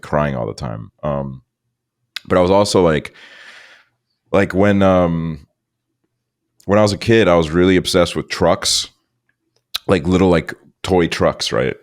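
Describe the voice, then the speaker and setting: A young man with a very low, deep voice co-hosting a casual podcast. He chats in a laid-back way, trading childhood stories with plenty of fillers. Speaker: podcast co-host. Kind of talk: casual chat.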